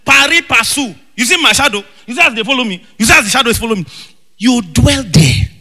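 A man preaching a fervent sermon, shouting in bursts and breaking into tongues. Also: very high voice, animated, fast talker. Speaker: pastor. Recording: long reverb with faint music.

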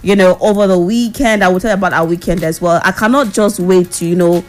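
A Nigerian woman hosting a radio show with lively, teasing banter, in a radio studio. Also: on the low side, quick pace, soft background music. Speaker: radio host.

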